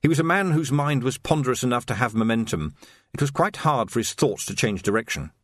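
Male audiobook narrator, lively pitch, expressive, dry close sound. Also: brisk, dry recording. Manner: expressive, story-paced reading.

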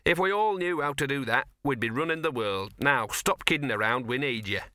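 A man voicing a grumpy old arthritic street dog in an audiobook, gruff and sardonic, often muttering. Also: mid-range voice, lively intonation, fairly quick, bright, forceful tone, dry recording, clean studio sound.

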